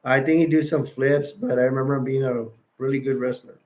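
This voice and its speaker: A man's voice: mid-range voice, fairly even intonation, brisk, a little mellow. A tired man hosting a late-night livestream, rambling casually and reading chat messages and wiki text aloud. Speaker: livestream host.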